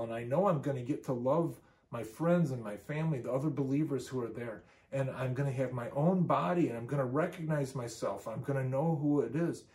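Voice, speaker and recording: A man's voice: medium pitch, a little mellow, reverberant. A man preaching a sermon and closing in prayer, earnest, repeating phrases for emphasis. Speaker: pastor.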